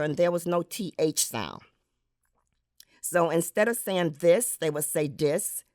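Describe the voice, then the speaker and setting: A woman who was a school administrator reads aloud from her book in a measured, deliberate way, demonstrating pronunciations. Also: low-pitched, darkish tone, dry recording, clean studio sound. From United States. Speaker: author and former school administrator.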